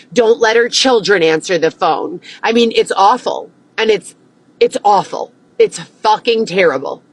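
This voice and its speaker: A woman's voice: mid-range voice, poor audio. A young woman ranting to camera, agitated and heavy with profanity, repeating herself as she vents. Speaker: vlogger.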